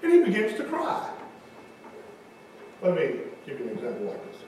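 Man, pastor, folksy sermon, high voice, faint background noise. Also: wildly swooping pitch, moderate pace, darkish tone. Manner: folksy preaching, talks with congregation members. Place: large church hall. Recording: echoey hall from far off.

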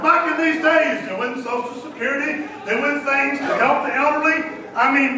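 A man delivers a dramatic sermon in a very high, bright voice, rising to shouts and dropping to hushed quotes. He is heard from a distance in a strongly echoing church hall. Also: slight background noise. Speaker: preacher. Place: church sanctuary.

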